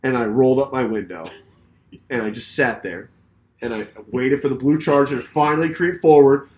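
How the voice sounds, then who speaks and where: A man on a casual podcast, spinning a heated anecdote with a lot of swearing. He quotes everyone in the story himself, in an animated, conversational rush. His voice sits in a middle register. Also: medium pitch, moderate pace. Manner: profane, animated retelling with acted quotes. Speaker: podcast co-host.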